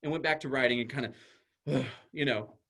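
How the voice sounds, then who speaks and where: A man, a school psychologist, giving an animated presentation to an audience and explaining ideas through everyday examples. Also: medium pitch, normal speed, creaky.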